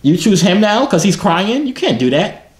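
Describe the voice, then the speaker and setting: A young man, from Atlanta, hosts a casual video chat, teasing and pushing strangers for an answer. His pitch swings in a lively way. The phone audio sounds roomy, with crowd chatter behind him. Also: moderate pace. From Atlanta, USA. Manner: playful, teasing, keeps pushing the question. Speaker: vlogger host. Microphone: phone mic on a video-chat app.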